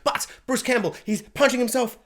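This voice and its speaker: A man giving an excited, rambling film review, jumping into goofy voices as he talks. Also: very high voice, normal speed, gravelly.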